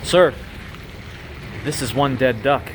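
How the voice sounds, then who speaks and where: A man voicing a calm veterinarian who delivers bad news solemnly and matter-of-factly. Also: mid-range voice, takes it slowly, vocal fry, a little hiss or hum, low-quality recording. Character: calm, solemn male vet.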